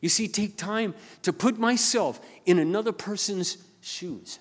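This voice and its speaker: An older male pastor tells a story from the pulpit, earnest and halting, doubling back over his own words. His voice sits slightly high for a man. A long hall reverb trails each phrase. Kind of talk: sermon storytelling.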